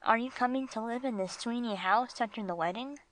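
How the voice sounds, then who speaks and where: A woman's voice: fairly high pitch, brisk, natural voice. A woman voicing a polite, curious male dog who asks many well-mannered questions in an audiobook. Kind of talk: audiobook character voice.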